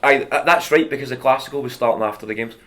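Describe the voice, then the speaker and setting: This fast-talking Scottish man in his thirties has a medium-pitched, fairly bright voice. A comedian guest, he's a chatty storyteller who laughs a lot in casual conversation.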